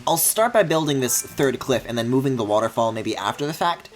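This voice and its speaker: A man streaming a video game, thinking aloud in a low mumble and breaking into high, excited squeals and mock-outraged swearing. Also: fairly quick, faint music behind. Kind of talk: live-streamed gameplay commentary.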